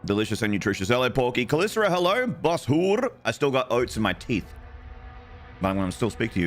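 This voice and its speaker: A man's voice: mid-range voice, wildly swooping pitch, fast, a bit bright, faint music behind. A young man streaming games, greeting his chat in a playful, banter-filled way with casual swearing. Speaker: gaming streamer.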